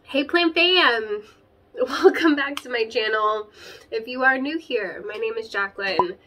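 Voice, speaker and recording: A woman's voice: fairly high pitch, a little slow, bright, forceful tone, low-quality recording. A young woman chatting casually to camera from her spare bedroom about her plants, rambling with lots of fillers. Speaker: plant vlogger.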